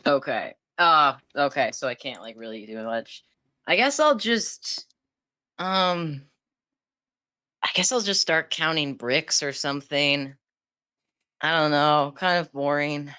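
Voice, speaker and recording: Wry, low-voiced woman player. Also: slow pace, pauses often, pushed and bright, clear, resonant tone. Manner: wry, laughs often. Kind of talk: playing a tabletop game.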